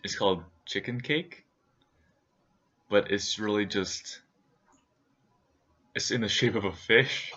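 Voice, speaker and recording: A man's voice: fairly low pitch, takes it slowly, long pauses, bright, forceful tone, breathy edge, highs cut off. A man co-hosting a casual travel recap, chiming in with jokes. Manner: joking, chiming in on his partner's lines. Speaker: co-host recapping a trip.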